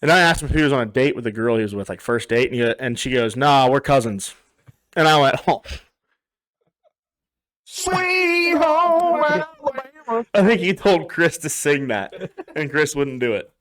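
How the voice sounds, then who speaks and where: A man's voice: medium pitch, lively intonation, quick pace, fairly bright tone. A young man co-hosting a podcast, telling rambling bar stories in casual chat, swearing a lot and acting out what people said. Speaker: podcast co-host.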